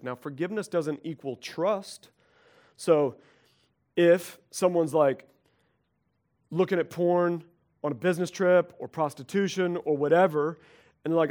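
A middle-aged male pastor preaching a conversational sermon, animated and acting out quoted voices. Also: fairly high pitch, normal speed.

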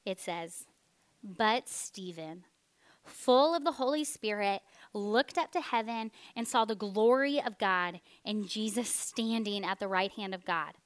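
A woman, preaching a sermon as an animated storyteller who drops to a hush for weighty points. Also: mid-range voice, a little slow. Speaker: speaker.

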